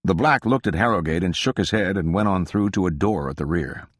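A man narrating a literary novel as an audiobook, in a measured, even reading. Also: deep voice, husky, no room sound, studio quality.

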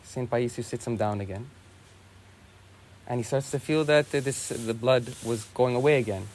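A young man, a monk, telling a saint's story in a relaxed, casual way with lots of "you know" and "like". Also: mid-range voice, moderate pace, slight background noise. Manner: easygoing, many fillers like "you know" and "like".

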